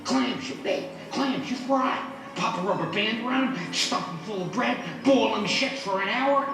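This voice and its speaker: A crass older man with a gravelly, fairly high voice who rambles bluntly about food and schemes. He sounds distant in a roomy space, with music underneath. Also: moderate pace. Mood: rambling. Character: crude, scheming older man obsessed with clams. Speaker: sitcom character. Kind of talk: sitcom acting.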